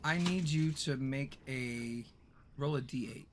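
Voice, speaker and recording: A man's voice: mid-range voice, takes it slowly, slight background noise. A man running a tabletop game as game master, narrating events vividly and laughing easily.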